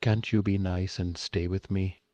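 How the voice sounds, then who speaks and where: A synthetic male voice with an Indian accent playing a lonely, pushy man who keeps pressing a stranger, speaking low and close to the mic in broken English. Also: flat delivery, unhurried, a little mellow, no echo. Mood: clingy pushy. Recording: dull, dry lo-fi synthetic voice.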